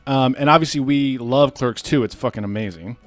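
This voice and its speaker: A man's voice: mid-range voice, brisk, no room sound, soft background music. A man co-hosting a podcast in casual chat, laid-back and swearing, with lots of fillers. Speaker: podcast co-host.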